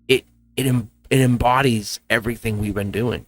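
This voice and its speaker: A man giving a casual tarot reading to his viewers, warm-hearted and emotional, with frequent laughs and asides. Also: mid-range voice, steady tone, moderate pace, no room sound, soft background music. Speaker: tarot reader.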